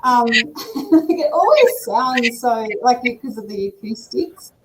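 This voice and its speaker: A woman's voice: a little high, expressive, takes it slowly, noisy background. A woman hosting a casual group chat and asking members questions. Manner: friendly, asks members questions.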